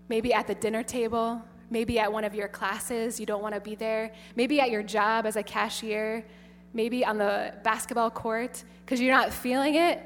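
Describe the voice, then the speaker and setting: Animated nun with a New York accent. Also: female voice, a little high. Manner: animated storytelling, repeating key phrases. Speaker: nun giving a talk. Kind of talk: faith talk to high schoolers. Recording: echoey hall with faint hum.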